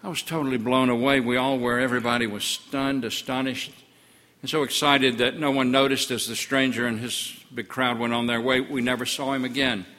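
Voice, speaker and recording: An older man voices a twelve-year-old village boy who tells of a miracle with earnest wonder. The tone is bright and forceful, and it sinks low and hushed in the sad moments. A long church reverb trails each phrase. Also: level tone, brisk, natural voice. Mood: grieving, awed. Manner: earnest storytelling, voice drops low in sorrowful passages. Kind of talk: first-person story sermon.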